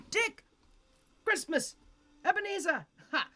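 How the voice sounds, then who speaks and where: A woman's voice: very high-pitched, very animated, slow, sharp tone, voice pushed up, full character voice. A woman voicing a jovial old male merchant who calls out with hearty laughter.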